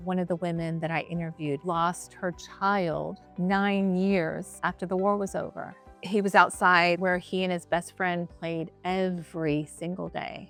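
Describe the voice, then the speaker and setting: Middle-aged woman, kinda low voice, earnest lively storytelling, faint music behind. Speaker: comedian and filmmaker. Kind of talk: personal storytelling to camera.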